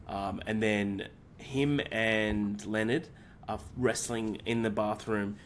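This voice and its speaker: A man with a fairly low voice talks through a story on a film podcast, piling on "um"s and loose asides. He speaks casually and swears easily. The delivery is relaxed and conversational, with a faint hiss of noise behind him. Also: takes it slowly. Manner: rambling plot retelling with many fillers. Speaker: podcast co-host.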